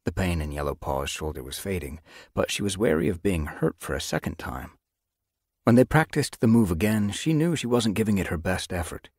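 A man narrating a children's animal novel as an audiobook, with expressive storytelling. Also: deep voice, moderate pace, breathy edge, dry recording, studio quality. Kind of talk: scripted narration.

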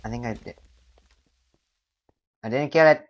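A young man whose first language is not English, rambling through casual let's play commentary with sudden loud, silly outbursts. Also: medium pitch, measured pace, poor audio. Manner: rambling, excitable, bursts of loud silly exclamations. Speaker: gamer.

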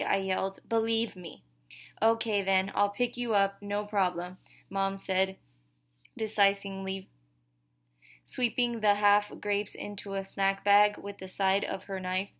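Woman reading a story out loud, pretty flat and even, only small shifts for the other characters. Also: medium pitch. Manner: reads dialogue with small shifts for each character, no big voices. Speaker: audiobook reader. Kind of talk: scripted first-person narration.

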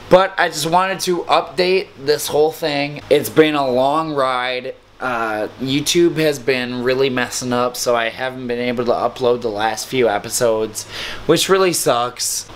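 A man gives a loose, rambling update, sounding worn out and a little tipsy. He talks at an ordinary pitch from inside a friend's house, where a faint air-conditioner hum runs behind him. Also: fairly bright tone. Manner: tired, rambling, a bit tipsy. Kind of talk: casual vlog update.

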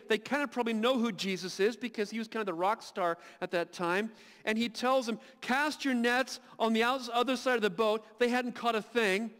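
High-voiced male pastor in a reverberant church. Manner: dramatic retelling with soft, hushed asides. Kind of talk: sermon. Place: church sanctuary. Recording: long hall reverb.

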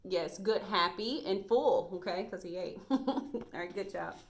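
A first grade teacher records a video reading lesson for young children. She talks at a medium pitch in a bright, encouraging voice and praises the kids often. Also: measured pace.

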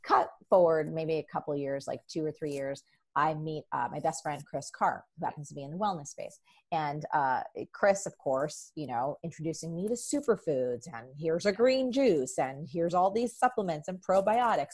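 A woman's voice: low voice, lively intonation, normal speed, husky. A woman guest in a casual conversation, talking animatedly and acting out her past thoughts in voices.

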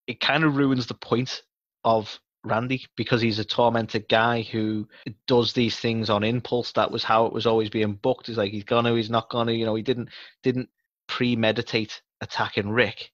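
A man's voice: medium pitch, little pitch movement, normal speed, a bit bright, no room sound. A man co-hosting a casual wrestling podcast, rambling and swearing as he reasons out his points. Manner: sweary, thoughtful, rambling with fillers. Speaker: podcast co-host. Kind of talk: casual wrestling review chat. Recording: dry, dull lo-fi mic.

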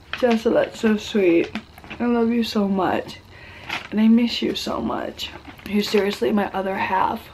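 A woman's voice: mid-range voice, darkish tone. A young woman talks into her home camera, sick and close to crying. She gushes and keeps saying "oh my gosh." Faint hiss sits under the recording. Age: young adult. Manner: gushing, emotional, says "oh my gosh" often. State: sick and weak, near tears. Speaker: vlogger. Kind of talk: casual vlog to camera.

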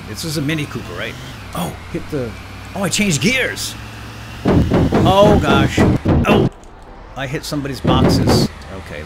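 A man hosting a let's play, giving silly role-play commentary in an excitable, giggly way. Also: lowish voice, very noisy.

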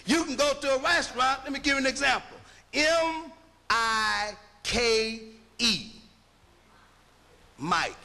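An American man lectures with a high, piercing, bright voice that turns gravelly at the edges. He drives his points home emphatically, like a preacher, with rhetorical questions. His voice rings through a hall with a long echo. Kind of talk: public lecture.

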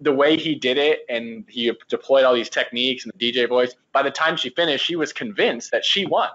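A man's voice: medium pitch, fairly quick, fairly bright tone, highs cut off. Enthusiastic man in a casual podcast chat. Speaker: podcast team member. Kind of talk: casual chat about a book.

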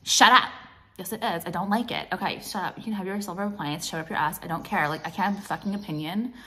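A woman's voice: lowish voice, fast. Blunt, chatty woman vlogging. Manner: blunt, profane, rambling with many fillers. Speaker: vlogger and jewelry brand owner. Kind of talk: casual chatty vlog.

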